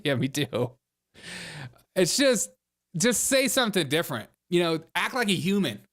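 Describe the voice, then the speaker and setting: A man's voice: a little high, a bit bright. A man hosting a political commentary show, mocking and sarcastic, laughing at his own jokes. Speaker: show host.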